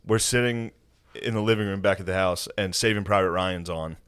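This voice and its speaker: A man's voice: low-pitched, brisk, crowd noise. A man hosting a podcast, telling a story in casual chat, acting out quotes and laughing often. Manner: animated, acts out quotes, laughs a lot. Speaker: podcast host.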